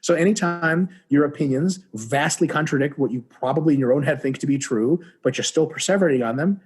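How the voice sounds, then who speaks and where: A man talking as a guest on a podcast in casual conversation, profane and animated, often acting out little dialogues. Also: a little high, husky. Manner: profane, animated, acts out dialogue in quick voices.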